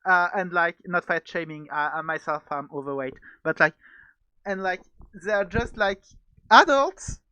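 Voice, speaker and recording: A French speaker with a French accent chats on a live stream, earnest and full of "like" and "literally". The voice sits mid-pitched, and the sound is dry and close. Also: expressive, moderate pace, bright, forceful tone, smooth, no room sound, dull audio. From France. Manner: earnest, fond of "like" and "literally", laughs often. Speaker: streamer guest. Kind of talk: casual live-stream chat.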